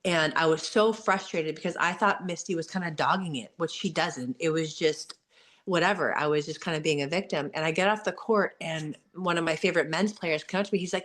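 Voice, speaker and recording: A woman's voice: fairly low pitch, brisk. A woman in her forties, a guest athlete, answering questions in an earnest, candid motivational talk. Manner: earnest, warm-hearted, frequent "you know" and "like".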